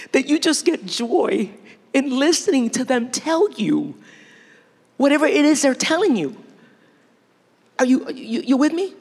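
A middle-aged woman preaching a sermon in a lively, playful way, laughing often between her points. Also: high voice. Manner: animated, laughing, playful asides. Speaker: speaker. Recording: long hall reverb.

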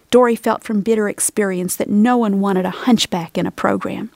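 A woman narrating a storybook in a soft, steady and expressive reading voice. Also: medium pitch, no echo.

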